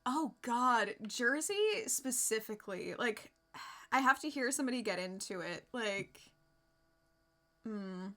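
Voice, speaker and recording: Woman streamer reacting to clips, dry and fed up, bright voice. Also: on the high side, expressive, takes it slowly. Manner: wry, exasperated commentary. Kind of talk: casual live-stream reactions.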